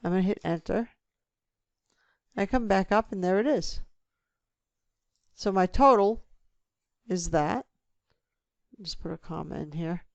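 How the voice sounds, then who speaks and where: A woman teaching a spreadsheet lesson, talking through each click step by step in a relaxed way. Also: medium pitch, unhurried, creaky, long pauses, dry recording, highs cut off. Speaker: instructor. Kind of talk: screen-recorded software tutorial.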